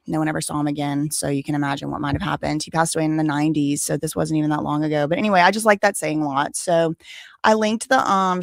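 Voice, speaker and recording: Woman in her thirties, casual livestream host, rambling chatter, slightly low voice, close dry mic. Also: creaky, dry recording. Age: 30s. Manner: chatty, rambling, many fillers. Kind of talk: casual livestream chat with viewers. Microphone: desk microphone with headphones.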